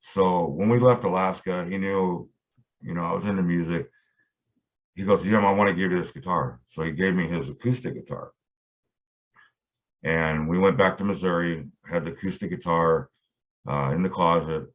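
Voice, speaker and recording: A man's voice: low voice, moderate pace. A middle-aged man, a guitarist being interviewed, telling a long story in a rambling way with lots of fillers and restarts. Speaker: guitarist guest. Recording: dull lo-fi audio.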